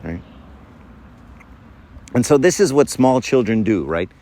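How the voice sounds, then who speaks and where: With a dark tone and medium pitch, a man in his fifties talks about faith to young people at an unhurried pace, his intonation lively. The talk is casual, punctuated by frequent "right?" check-ins and little acted-out scenes where he changes his voice.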